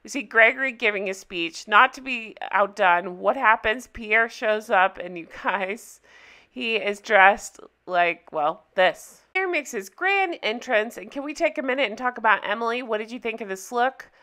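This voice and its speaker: A woman's voice: a little high, animated, normal speed, sharp tone. A woman chatting casually as she recaps a TV episode, gushing and talking straight to her viewers. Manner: chatty, gushing, addresses viewers as you guys. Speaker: TV recap vlogger.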